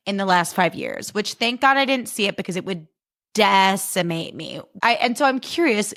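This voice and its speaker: Chatty young woman hosting a podcast. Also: mid-range voice. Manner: chatty, animated, self-deprecating, jumps into funny voices. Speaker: podcast host. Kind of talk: casual solo podcast chat.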